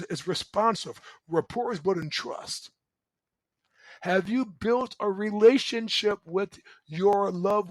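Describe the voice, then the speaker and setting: A middle-aged man giving a motivational relationship talk as host, loud and emphatic, often checking in with "right?". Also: high-pitched, dry recording, rough recording. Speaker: relationship coach and show host.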